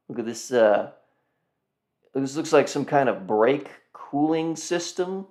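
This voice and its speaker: A man of medium pitch hosting a live car auction stream. He chats casually and rambles, often repeating his words and turning to talk to his viewers. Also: animated, slow pace, a little mellow. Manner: rambling, talks to viewers as "guys", repeats himself. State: yawning, tired. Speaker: car auction livestream host.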